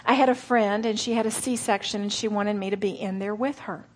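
A middle-aged woman preaching earnestly to a women's gathering, slowing for emphasis and dropping to soft whispered asides. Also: mid-range voice, steady tone, a little hiss or hum. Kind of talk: sermon.

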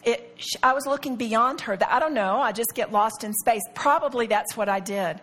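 A woman's voice: fairly high pitch, normal speed, a bit bright. A middle-aged woman teaching a Bible study to a live group. She tells personal stories earnestly and confidingly, with many rhetorical questions.

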